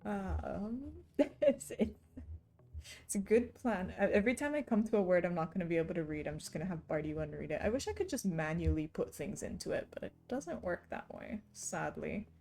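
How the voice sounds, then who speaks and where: A woman's voice: lowish voice, animated, normal speed, darkish tone, soft background music. A young woman livestreaming, chatting casually with her audience and teasing them playfully with frequent giggles.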